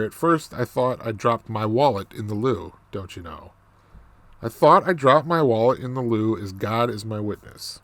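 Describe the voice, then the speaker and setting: A man reads a novel aloud and stops to explain it, unhurried and self-deprecating. He stumbles and restarts often, and his voice sounds dry and close. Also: medium pitch, dry recording. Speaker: reader. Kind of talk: reading a novel aloud with commentary.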